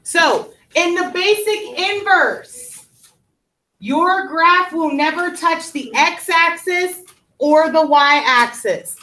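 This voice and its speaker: A woman's voice: very high-pitched, extremely slow, bright, forceful tone, poor audio. A woman teaching a math class in a classroom, explaining step by step and checking in with her students.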